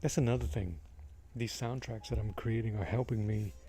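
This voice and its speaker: A man's voice: lowish voice, steady tone, moderate pace, slight background noise. A man from Massachusetts, a comic artist, chatting casually while he draws and telling stories with restarts and chuckles. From Massachusetts, USA. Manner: rambling, storytelling with restarts and chuckles. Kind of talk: casual chat while drawing. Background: soft background music.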